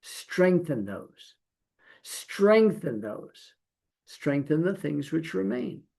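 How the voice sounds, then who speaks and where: Middle-aged male Torah teacher, gravelly, animated sermon delivery, slips into quoted voices. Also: fairly high pitch, extremely slow.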